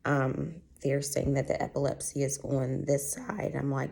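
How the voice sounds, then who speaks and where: A woman's voice: very deep voice, steady tone, a little slow, gravelly, hardly any pauses, darkish tone. A woman telling a personal vlog story in a heartfelt, chatty way, her voice going in and out at times. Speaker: vlogger.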